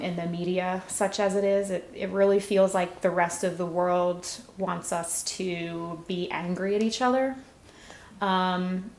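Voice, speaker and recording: A woman in her thirties giving an earnest personal testimony as a church volunteer, telling her story with soft laughs. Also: on the low side, creaky. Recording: roomy, echoey sound.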